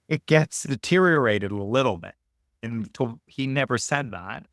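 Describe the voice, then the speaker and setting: A man's voice: expressive, unhurried, fairly bright tone, dry recording, studio quality. A man hosting a reflective conversation, speaking thoughtfully and lifting his voice to stress key ideas. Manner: thoughtful, emphatic, rises in pitch to stress points. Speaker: podcast host.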